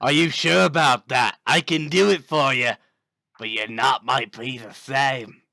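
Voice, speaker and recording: A man's voice: medium pitch, measured pace, gravelly, pushed and bright, no echo, studio quality. A man voicing a blustery old male dwarf shopkeeper who calls customers laddie in a tabletop game. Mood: gruff advice. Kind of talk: tabletop role-play voice acting.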